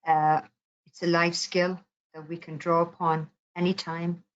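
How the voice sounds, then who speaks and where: Calm mindfulness teacher, a woman with a low voice and a gentle, unhurried delivery; slightly dull recording. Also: slight background noise. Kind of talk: guided mindfulness talk.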